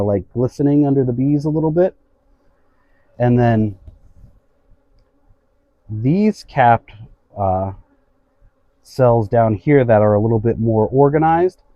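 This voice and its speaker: A man with a warm, mellow voice, talking a listener through a hive inspection. He explains calmly and unhurriedly. The sound is dry and a little dull, like a modest outdoor recording. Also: mid-range voice, no room sound. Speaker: beekeeper. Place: outdoors at a beehive.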